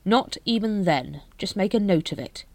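A woman's voice: mid-range voice, expressive, moderate pace, darkish tone, no echo, close to an everyday voice. A woman voicing a weary, harassed middle-aged male watch captain who talks in a clipped, exasperated way.

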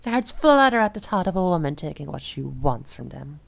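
A young woman voicing an obsessive, possessive dominant woman in an audio role-play, speaking in a soft, slow, teasing murmur. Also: low-pitched, big pitch swings, creaky, dry recording, heavily acted. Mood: possessive, crooning.

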